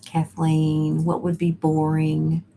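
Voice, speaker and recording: Low-voiced, slow, rambling woman host. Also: completely flat delivery, mellow, a little hiss or hum. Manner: rambling and chatty, with many fillers and restarts. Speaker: host of a live chat stream. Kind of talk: casual live-stream chat, reading viewer comments.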